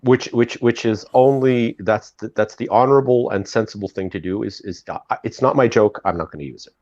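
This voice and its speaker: A man's voice: on the low side, brisk, no echo, highs cut off. A man, a stand-up comedian co-hosting a casual chat over a video call, telling anecdotes and acting out the voices of the people in them. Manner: animated anecdote-telling, acts out quoted voices.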